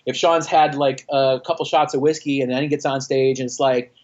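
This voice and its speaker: A man's voice: medium pitch, brisk, lo-fi sound. A man from Texas, a former band frontman, telling stories in a casual interview, swearing and acting out quotes. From Austin, Texas. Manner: profane, animated storytelling with acted-out quotes. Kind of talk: casual interview over a call. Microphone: internet call.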